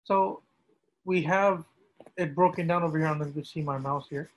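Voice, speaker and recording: A man, an imam, teaching how to pronounce a prayer, repeating each word slowly and drawing it out for practice. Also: a little high, slight background noise, rough recording. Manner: slow, deliberate, repeats words drawn out for practice. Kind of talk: pronunciation lesson with screen pointer.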